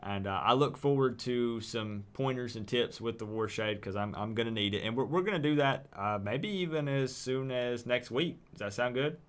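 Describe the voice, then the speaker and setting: A man's voice: medium pitch, moderate pace, hardly any pauses, clean tone. Hyped East Tennessee man hosting a stream. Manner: hyped, repeats words, friendly. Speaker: livestream host taking calls. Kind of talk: casual livestream chat.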